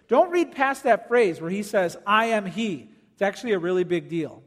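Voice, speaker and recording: A man preaching a sermon as pastor, swinging between loud emphasis and quiet, low lines. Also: expressive, moderate pace, hardly any pauses, in a large hall.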